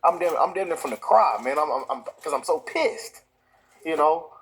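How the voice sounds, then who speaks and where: A man hosts his own commentary show. His voice sits a little high for a man. He talks in heated bursts, often repeating words and restarting his sentences. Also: sing-song, moderate pace, rough recording. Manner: heated, repetitive, many restarts. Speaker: show host. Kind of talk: impassioned commentary.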